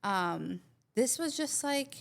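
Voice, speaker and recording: A woman's voice: fairly high pitch, animated, slow pace, vocal fry. A woman from southern Albania, a podcast co-host, telling rambling stories in casual chat and acting out the quotes. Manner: rambling storyteller who acts out quotes.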